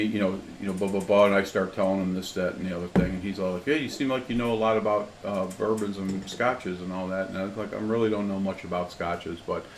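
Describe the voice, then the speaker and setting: A low-voiced man co-hosting a podcast chat. He rambles through a story, restarting sentences and skipping ahead with "blah, blah, blah." The room is echoey, with a faint hiss of noise. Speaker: podcast co-host. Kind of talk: casual chat.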